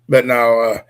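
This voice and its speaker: A man's voice: medium pitch, clean tone. A middle-aged man co-hosting a casual chat, rambling through laid-back stories with a dry mouth.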